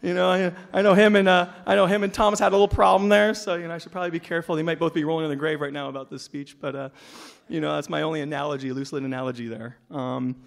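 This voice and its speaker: A man's voice: fairly high pitch, level tone, racing, gravelly. A man giving an informal speech at a school breakfast, rambling and conversational and full of homespun analogies.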